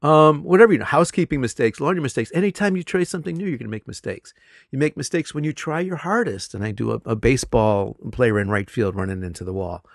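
Middle-aged guy teacher chatting, lively storyteller, laughs a lot, dry close sound. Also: medium pitch, fast, vocal fry, dry recording. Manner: animated storyteller, laughs often. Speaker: English teacher. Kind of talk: casual conversation.

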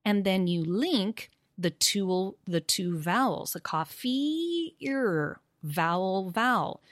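A woman explaining pronunciation teaching, acting out example phrases with rising and falling intonation, animated and laughing easily. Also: lowish voice, takes it slowly, no room sound, studio quality. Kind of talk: conversational discussion about teaching.

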